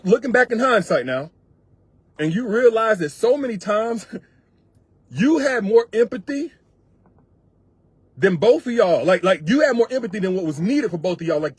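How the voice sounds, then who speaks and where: A relationship coach with a high, husky voice, captured in a dry recording, speaks straight to his viewers. His advice is emphatic, repetitive, and colloquial, delivered as a direct monologue.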